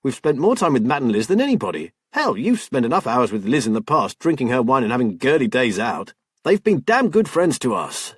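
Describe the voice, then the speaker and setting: A man voicing a hurt but steady husband who speaks firmly and with care, in an audiobook. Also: lowish voice, moderate pace, breathy edge, no room sound, clean studio sound. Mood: indignant. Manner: indignant, then firm and caring.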